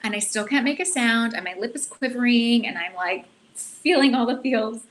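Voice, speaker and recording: A woman guest telling a personal story in an earnest, animated, self-reflective way. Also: fairly high pitch, normal speed, rough recording. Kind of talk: casual storytelling.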